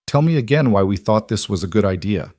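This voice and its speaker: Man reading a wry young frontier wife, low voice, dry sound, western storybook. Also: expressive, a little fast, a little mellow, dry recording, close to an everyday voice. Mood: strained.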